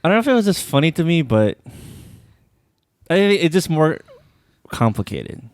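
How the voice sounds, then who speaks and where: A man co-hosting a podcast in casual chat, loose and quick to laugh. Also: fairly high pitch, big pitch swings, clean tone, no room sound, clean studio sound. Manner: laughs easily, loose, reflective. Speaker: podcast co-host.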